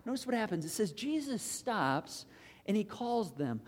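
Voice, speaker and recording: A pastor preaching a sermon with impassioned swings between loud pleading and hushed intensity, driving home points with repeated rhetorical questions. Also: medium pitch, very animated, moderate pace, in a large hall.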